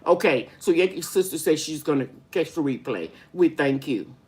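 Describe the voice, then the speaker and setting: Folksy older woman, lowish voice. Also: lively intonation, normal speed, a little mellow. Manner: chatty, greets viewers by name; folksy, rambling explanations. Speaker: gardening channel host. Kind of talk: live-stream Q&A chat.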